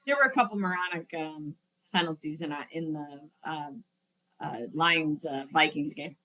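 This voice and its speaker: A woman co-hosting a sports podcast, with a bright, clear voice that sits up front. She chats in a relaxed way and works out her points aloud, dropping in "um" and "like" as she goes. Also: low-pitched, normal speed, low-quality recording. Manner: chatty, thinks aloud with fillers. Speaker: podcast co-host. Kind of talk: casual sports chat.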